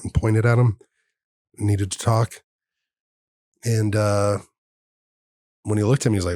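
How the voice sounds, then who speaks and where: A man's voice: lowish voice, steady tone, normal speed, pauses often, darkish tone, no room sound, studio quality. A man in his thirties, a podcast host, telling a personal story in an earnest, heartfelt way and acting out the dialogue. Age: 30s. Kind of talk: personal storytelling in casual conversation.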